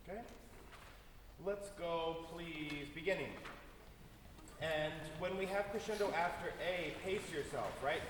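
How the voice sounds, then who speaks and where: A man's voice: a little high, animated, moderate pace, long pauses. Man, orchestra conductor, rehearsal instruction, hums phrases, roomy concert hall, faint noise. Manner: coaching, sings phrases in syllables, tag questions. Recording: echoey hall from far off.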